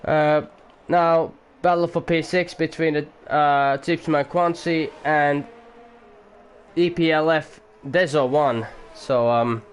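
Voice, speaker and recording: A man doing amateur commentary on a sim race at home, excitable at times, swearing now and then, and keeping his voice down for the neighbours. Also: on the high side, slow, slight background noise. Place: home room.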